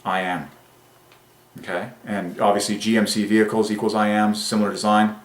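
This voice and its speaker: A man hosting a religious numerology channel, speaking in an excited monologue that swings between rapturous bursts and quiet musing. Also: on the low side, a little fast, roomy sound.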